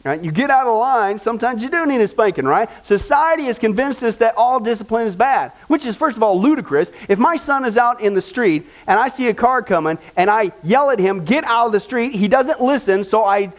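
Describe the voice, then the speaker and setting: High-voiced man preaching conversationally. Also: lively intonation, fairly quick, few pauses. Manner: conversational preaching with rhetorical questions. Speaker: pastor. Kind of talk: sermon.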